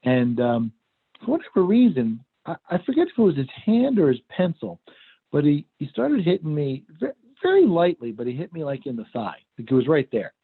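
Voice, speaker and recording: A man's voice: fairly high pitch, big pitch swings, fairly quick, husky. A middle-aged man giving a workshop talk and telling a story in an easy, conversational way. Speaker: workshop presenter. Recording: phone-like video call audio.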